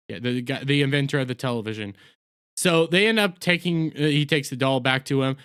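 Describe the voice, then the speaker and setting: A man's voice: mid-range voice, brisk, a bit bright, clear, resonant tone. A man giving a blunt, sarcastic, rambling rant as a video reviewer, full of crude words and restarts. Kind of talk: ranting TV review.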